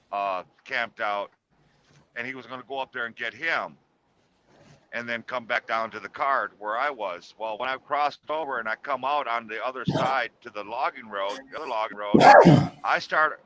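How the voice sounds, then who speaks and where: A man's voice: medium pitch, sharp tone, slight background noise, rough recording. A man casually telling a personal story in a chat, rambling with fillers and restarts.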